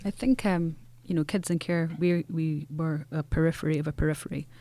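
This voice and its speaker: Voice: mid-range voice, steady tone, brisk, mellow. An author speaking earnestly in an interview, often restarting phrases and using fillers. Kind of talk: reflective interview talk.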